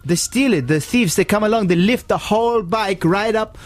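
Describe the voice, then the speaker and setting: An excitable, high-voiced man, mimicked by a man. He sounds insistent and alarmed. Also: normal speed, dry recording, lightly acted. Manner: high-pitched, insistent, repeats "no, no, no". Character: excitable Italian man warning about bike thieves.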